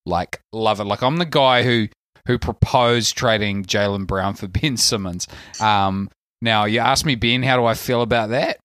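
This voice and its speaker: Low, dry-voiced New Zealand man chatting. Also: normal speed, no room sound. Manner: relaxed rambling with many fillers. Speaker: podcast co-host. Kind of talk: casual chat.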